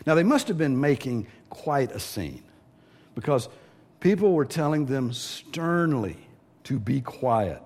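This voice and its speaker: Male preacher, mid pitch, animated delivery, teaching sermon. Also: a little slow. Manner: lively preaching, acting out quoted voices. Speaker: pastor.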